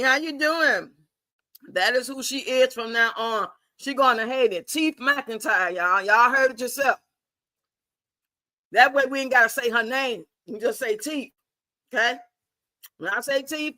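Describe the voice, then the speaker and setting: A chatty woman hosting a livestream, blunt and full of profanity as she answers viewer comments. Her voice is bright and forceful. The sound is close and dry, with no room around it. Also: high-pitched, dry recording. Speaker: livestream host.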